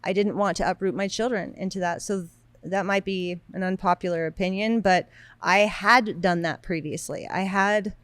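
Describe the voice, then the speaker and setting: A woman's voice: mid-range voice, fairly even intonation, moderate pace, no room sound. Blunt, emphatic woman podcast co-host. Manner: emphatic, blunt, swears casually. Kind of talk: casual chat.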